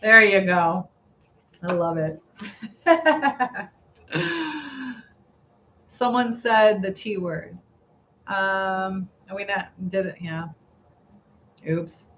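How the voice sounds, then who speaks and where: A middle-aged woman chats slowly and unhurriedly on her live stream, giggling as she reads viewer comments aloud. Her voice comes through a phone mic with a slightly dull, lo-fi sound and faint background noise. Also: mid-range voice, a bit bright. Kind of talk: casual live-stream chat reading comments.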